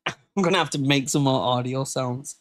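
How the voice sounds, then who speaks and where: Speaking at a moderate pace, a UK podcast host keeps his live show loose, joking and laughing. Every so often he puts on a silly, high-pitched voice to quote people.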